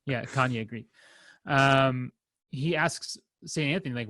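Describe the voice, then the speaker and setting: A young man co-hosting a podcast, talking in a rambling, halting way with lots of fillers and restarts and some wry self-deprecating humor. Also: mid-range voice, fairly bright tone, no room sound. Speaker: podcast co-host. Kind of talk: casual chat.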